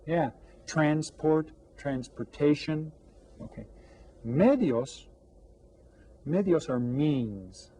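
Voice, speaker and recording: A man teaching an elementary language lesson, drawing out each new word slowly and coaxing the class with friendly questions. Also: mid-range voice, dark tone. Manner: slow, drawn-out repetition of vocabulary for students. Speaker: Spanish teacher.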